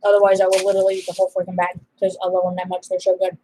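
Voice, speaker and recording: A woman's voice: lowish voice, completely flat delivery, very fast, dark tone, slight background noise, poor audio. A young adult woman chatting casually to her viewers while eating supper, rambling from topic to topic with exasperated asides. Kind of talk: casual chat.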